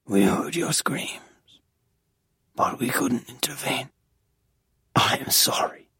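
A reader voicing a broken, guilt-ridden young man who was held captive, in a whispered role-play, hushed, halting and grave. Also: medium pitch, slightly rough, no echo, heavily acted. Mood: haunted whisper.

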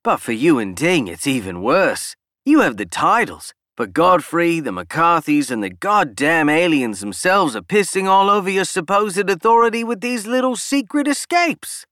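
An arrogant, scheming politician, put on by a male narrator for an audiobook. He snaps his words out boastfully, pitched noticeably above the narrator's own voice. The sound is close and dry. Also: big pitch swings, moderate pace, hardly any pauses, a bit bright, dry recording. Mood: scornful. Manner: snapping, boastful, raised pitch.

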